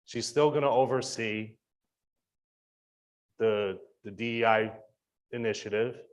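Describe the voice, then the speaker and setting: Slow, pointed man at the podium, challenging the board directly. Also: fairly low pitch, low-quality recording. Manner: confrontational, questioning, with fillers and restarts. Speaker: public commenter. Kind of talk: public comment at a school board meeting.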